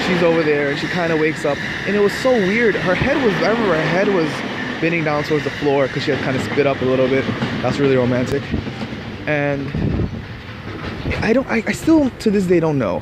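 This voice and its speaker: A man's voice: a little high, very noisy. A man casually telling a long personal story, rambling and restarting his sentences, now and then laughing at himself. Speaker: vlogger.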